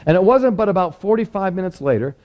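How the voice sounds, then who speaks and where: A folksy preacher telling a story with lively timing and a rather high voice. He plays up the punchlines and moves along at an easy, talky pace. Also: fast talker. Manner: animated, folksy, leans into punchlines.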